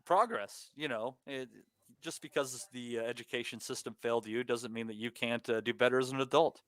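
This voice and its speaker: Male podcast host, smooth clear voice, wry casual banter, dry sound. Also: medium pitch, fairly bright tone, dry recording. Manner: quick, wry, swearing freely. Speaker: podcast host reading viewer questions.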